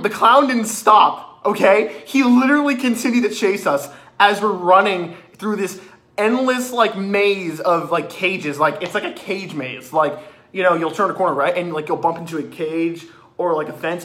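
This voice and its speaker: A man excitedly retelling a haunted attraction visit in a casual, swearing review with many restarts. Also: sits high, moderate pace.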